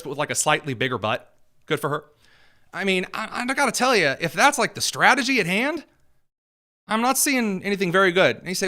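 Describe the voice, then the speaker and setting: A man's voice: high voice, big pitch swings, brisk, sharp tone. A young man from Indiana hosting a political commentary show, talking in a sarcastic, mocking way. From Indiana, USA.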